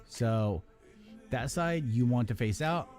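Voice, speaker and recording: A man's voice: mid-range voice, animated, slow pace, darkish tone, soft background music. A man hosting a live build stream, chatting casually and rambling, often breaking off mid-sentence and swearing now and then. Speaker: live-stream host building model kits.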